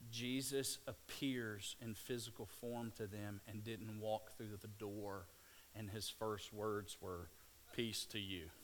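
A middle-aged man preaching a sermon, telling scripture stories with lively restarts and stammers. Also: on the low side, slow pace, a little hiss or hum. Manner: animated storytelling, stammering restarts.

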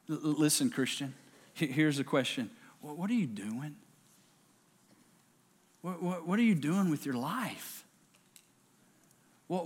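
A man preaching a sermon, with stammering restarts and quiet, hushed passages that build up to shouted exhortation. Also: fairly high pitch, a little slow, long pauses. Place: large church sanctuary. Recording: long hall reverb.

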